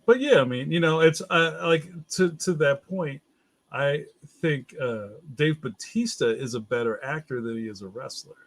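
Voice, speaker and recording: A man's voice: fairly high pitch, animated, normal speed, no room sound. A man chatting easily as a guest, laughing along often. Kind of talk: casual chat.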